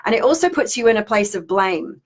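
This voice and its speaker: A woman's voice: mid-range voice, lively intonation, a little fast. Woman spiritual teacher, rambling live-stream chat with viewers. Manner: chatty and rambling, reads viewer comments aloud.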